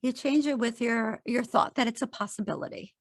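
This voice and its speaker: Encouraging woman with a lively voice. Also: fairly high pitch, brisk, dry recording, clean studio sound. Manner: earnest, encouraging, animated quoting. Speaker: podcast guest. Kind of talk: casual interview chat.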